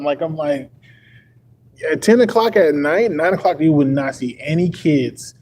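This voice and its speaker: A man's voice: fairly high pitch, moderate pace, dark tone, a little hiss or hum, low-quality recording. Rambling young man chatting on stream. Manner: rambling, full of "like" fillers; chuckles often. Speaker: livestreamer. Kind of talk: casual livestream chat.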